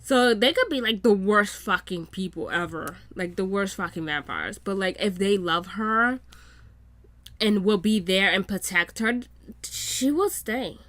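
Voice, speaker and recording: Excitable, foul-mouthed woman reacting. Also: mid-range voice, measured pace, no echo. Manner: excitable, swears freely. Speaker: reaction YouTuber. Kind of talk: casual reaction commentary.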